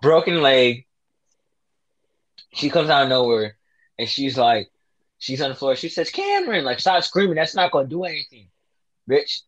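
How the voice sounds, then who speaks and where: A man's voice: mid-range voice, moderate pace, dry recording, lo-fi sound. A man in casual chat, animatedly retelling a horror movie, swearing a lot and acting out the characters' lines. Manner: profane, animated, acts out quotes.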